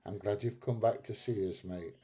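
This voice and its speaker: Blunt, chatty man, low voice. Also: a little slow, dark tone. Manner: chatty, blunt, swears, laughs at own jokes. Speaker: live stream host reading chat. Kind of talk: casual live stream chat.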